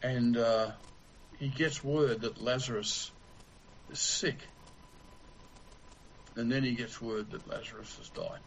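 A man preaching a sermon in a slow, deliberate way with long pauses. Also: mid-range voice, gravelly, a little hiss or hum, poor audio.

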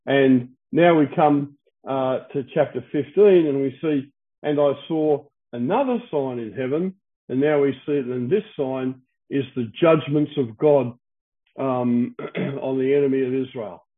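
A man teaching through Bible verses, explaining Greek words, with frequent fillers and restarts. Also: mid-range voice. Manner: halting, many fillers and restarts, clears throat. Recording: tinny phone-like audio.

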